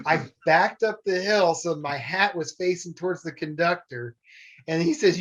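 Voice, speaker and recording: A man's voice: high-pitched, moderate pace, fairly bright tone. A man casually telling stories about his old theme park show, laughing often as he talks. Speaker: former theme park train show performer. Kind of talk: casual storytelling chat. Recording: dull lo-fi sound.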